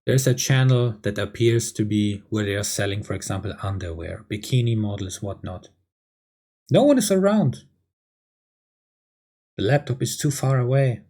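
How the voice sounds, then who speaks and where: A man's voice: fairly low pitch, expressive, normal speed, pauses often, mellow. A man delivering a blunt, crude lecturing monologue, often tagging lines with "yeah?". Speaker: video creator. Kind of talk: ranting monologue.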